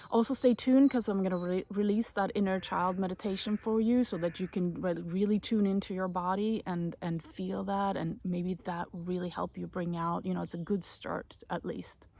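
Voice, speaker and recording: A woman vlogger giving gentle self-help advice on inner child healing, talking to camera and often dropping into a soft, breathy whisper. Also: fairly low pitch, fairly even intonation, normal speed, few pauses.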